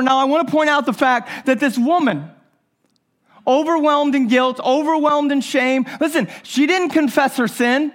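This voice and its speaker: A man preaching a sermon as pastor, earnest and searching, often repeating words as he reaches for what to say. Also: measured pace. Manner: earnest, repeats words, drops to a soft low voice for tender moments.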